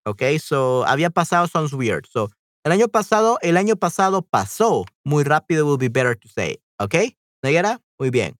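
A woman teaching a live-streamed language lesson, patiently repeating phrases slowly and translating them. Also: low-pitched, very animated, no echo, clean studio sound. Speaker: Spanish teacher on a livestream.

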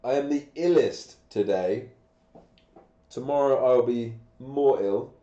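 A sick, coughing man teaches English grammar on a live stream, guiding viewers with patient step-by-step questions. His voice is mid-range, slow and warm, and the room sound is echoey, dull and lo-fi.

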